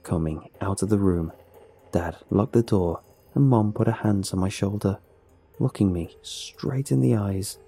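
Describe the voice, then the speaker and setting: A man tells a first-person horror story in a deep, dark, mellow voice. His tone is slightly husky, and his delivery is measured and somber. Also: faint music behind. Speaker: narrator. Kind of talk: scripted horror narration.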